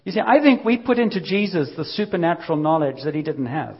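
A man's voice: fairly high pitch, expressive, fast, husky, highs cut off. A man preaching a sermon, telling a Bible story in a conversational way and acting out the quotes.

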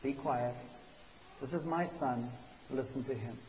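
A man voicing God the Father as a deep, gentle, firm male spirit, speaking low and hushed. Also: animated, moderate pace, close to an everyday voice. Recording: dull hissy recording in a reverberant hall.

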